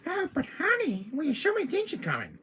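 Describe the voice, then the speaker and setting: A man's voice: huge pitch swings, fairly quick, bright, forceful tone, a little hiss or hum, heavily acted. A man doing a cooing flirty woman. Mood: pleading. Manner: cooing, falsetto. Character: flirty, pestering woman who calls everyone honey.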